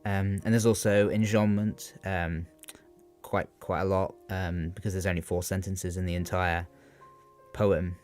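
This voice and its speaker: A man's voice: sits low, level tone, unhurried, a little mellow, soft background music. A young man talking through poetry revision, hesitant and full of ums, asking rhetorical questions as he goes. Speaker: student giving exam revision. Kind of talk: unscripted revision talk.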